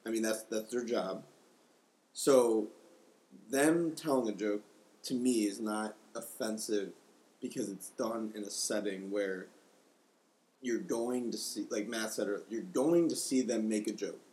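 A man as a guest on a podcast in casual discussion, plainspoken and relaxed. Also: fairly low pitch, unhurried.

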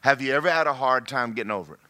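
A male pastor, preaching a sermon in an animated way that swings from loud to hushed. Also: mid-range voice, very fast.

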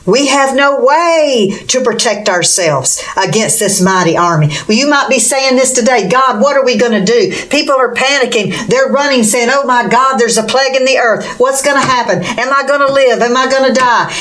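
A woman preacher delivers a fervent sermon in a bright, somewhat high voice. She exclaims often and asks rhetorical questions as she preaches.

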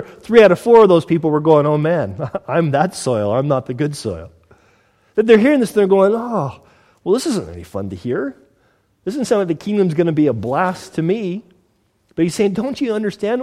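A male pastor with a high-pitched voice gives a conversational sermon and acts out short everyday scenes. His words carry a long reverb from a large hall. He talks straight to the people in front of him. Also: warm tone.

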